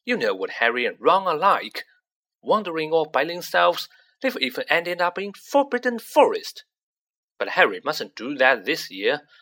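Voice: mid-range voice, sing-song, normal speed, fairly bright tone, pitched above the performer's own voice. A reader voicing a middle-aged storybook father who talks heatedly and earnestly.

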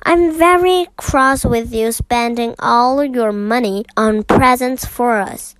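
A kindly middle-aged mother in a storybook, fond but mildly scolding, read by a woman. Her voice is fairly high and unhurried. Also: no room sound.

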